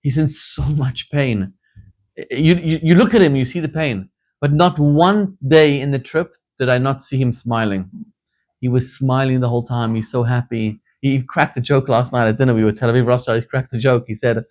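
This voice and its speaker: A man from Zimbabwe, a rabbi, preaching a sermon with animated storytelling that builds to fervent emphasis. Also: medium pitch, moderate pace.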